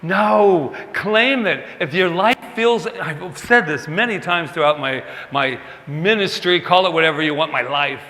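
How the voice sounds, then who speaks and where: A man's voice: on the high side, measured pace, few pauses, bright, forceful tone. A male minister giving a conversational, self-mocking sermon, acting out quoted dialogue as he goes. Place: church sanctuary. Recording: long hall reverb.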